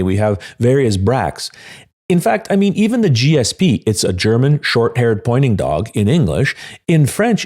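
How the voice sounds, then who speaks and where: Male podcast host, solo episode; animated, enthusiastic explainer with a wide-ranging delivery. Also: mid-range voice, normal speed, breathy edge.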